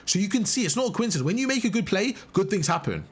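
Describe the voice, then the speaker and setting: A man's voice: sits high, big pitch swings, racing, slightly rough. A young man coaching a player live through a match, emphatic and full of praise, repeating his instructions. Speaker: game coach. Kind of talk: live gameplay coaching commentary.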